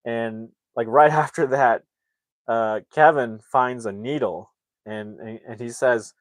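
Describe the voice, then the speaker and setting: A man's voice: mid-range voice, measured pace, no echo. A man casually recapping a film's plot as a movie reviewer, rambling with lots of fillers.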